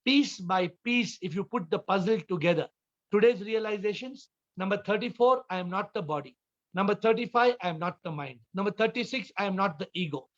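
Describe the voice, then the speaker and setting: A man giving a spiritual talk on a video call, telling stories and acting out the characters in lively voices. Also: high voice, a little fast. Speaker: spiritual teacher. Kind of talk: Zoom talk with story-telling. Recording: dull lo-fi video call audio.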